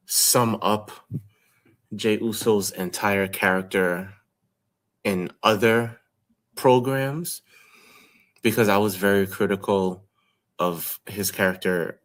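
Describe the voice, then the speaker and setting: A man co-hosting a wrestling podcast, measured and analytical in casual chat. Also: sits low. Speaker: podcast co-host.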